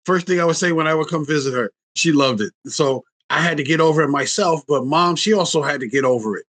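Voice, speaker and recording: His voice runs fairly high and fairly quick as he recounts family tales in an informal interview. He's a relationship coach in his sixties, animated throughout, and he voices quotes loudly as he acts them out.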